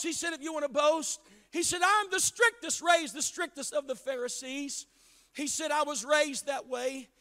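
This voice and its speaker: High, bright-voiced man preaching with fervor. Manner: impassioned preaching, often shouting and drawing out words. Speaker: pastor. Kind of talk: sermon. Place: church sanctuary. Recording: long reverb of a church hall.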